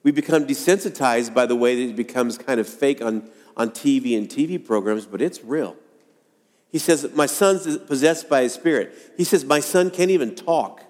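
A man preaching a sermon to a congregation, earnest and dramatic, acting out quoted lines with pauses. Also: medium pitch, a little mellow. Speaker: pastor. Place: church sanctuary. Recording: long hall reverb.

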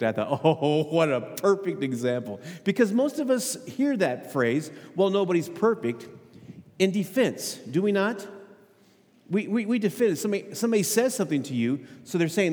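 A man's voice: fairly high pitch, very animated, moderate pace, darkish tone. Man preaching in an echoing church. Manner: conversational, asks the congregation questions, repeats words. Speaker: pastor. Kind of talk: sermon. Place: church sanctuary. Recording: hall with long reverb. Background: long hall reverb.

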